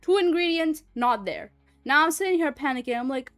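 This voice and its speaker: A woman's voice: high-pitched, expressive, fairly quick, fairly bright tone, no echo, soft background music. A woman streamer in casual livestream chat, rambling and chatty and swearing freely.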